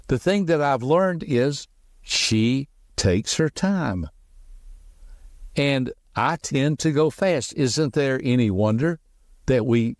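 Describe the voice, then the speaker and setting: A middle-aged man hosting a motivational podcast, talking quickly and emphatically in a folksy way, with personal stories. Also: medium pitch, darkish tone, no echo, clean studio sound. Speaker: podcast host and personality teacher.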